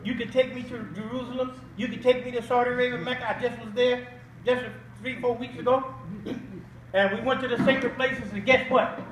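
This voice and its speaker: Older male guest preacher with a very high voice, emphatic and questioning, recorded from afar in an echoey hall. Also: level tone, a little fast, background noise. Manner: emphatic call-and-response with rhetorical questions. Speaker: guest speaker. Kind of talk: Islamic preaching at an awards banquet. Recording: echoey hall audio from a distant mic.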